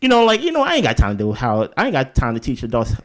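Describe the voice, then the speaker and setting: A man's voice: mid-range voice, huge pitch swings, racing. A man co-hosting a reality show recap in casual chat, talking in an emphatic way and often repeating himself.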